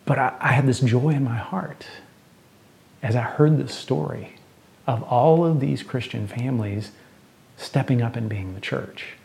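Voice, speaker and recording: A middle-aged man with a lilt preaches in an earnest, conversational way. His voice is warm and relaxed, never bright. His pitch sits in an ordinary middle range. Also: moderate pace, gravelly. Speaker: pastor. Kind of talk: sermon with storytelling and closing prayer.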